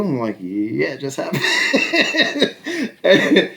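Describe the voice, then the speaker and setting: This young man talks loosely in a podcast chat, with plenty of fillers and frequent bursts of laughter. He swears freely and acts out what others said as he tells a story. His voice sits in a middle male pitch. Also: wildly swooping pitch, takes it slowly, creaky, fairly bright tone. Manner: tells stories with quoted dialogue. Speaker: podcast co-host. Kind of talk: casual chat.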